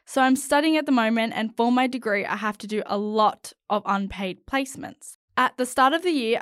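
A young woman co-hosting a podcast, reading listener stories aloud in a giggly, animated way. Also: mid-range voice, dry recording, studio quality. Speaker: podcast co-host.

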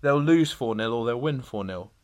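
A man's voice: mid-range voice, normal speed. A man, co-hosting a casual football podcast, telling stories with lots of laughter. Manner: animated, storytelling, laughs often. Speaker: podcast co-host.

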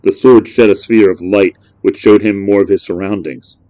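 A man narrating a horror story in a measured, brooding way. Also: on the low side, fairly even intonation, warm tone, no echo.

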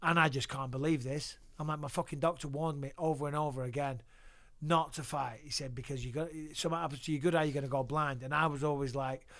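Man, forties, fairly high voice, dry close sound, profane storyteller. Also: quick pace, dry recording. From England. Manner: profane, lively anecdotal storyteller. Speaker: podcast guest. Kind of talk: casual storytelling interview.

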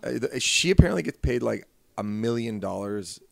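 A man's voice: medium pitch, lively intonation, normal speed, gravelly, no echo. A man co-hosting a podcast in casual chat, hesitant with many uhs. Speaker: podcast co-host.

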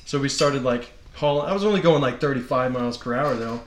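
A man in a casual podcast chat, telling a story in a slangy, animated way and laughing as he goes. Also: medium pitch, quick pace. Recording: echoey room.

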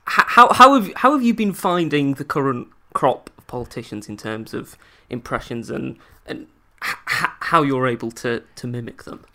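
Halting male interviewer, bright tone. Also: mid-range voice, animated, gravelly. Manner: hesitant, halting questions. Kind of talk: interview questions.

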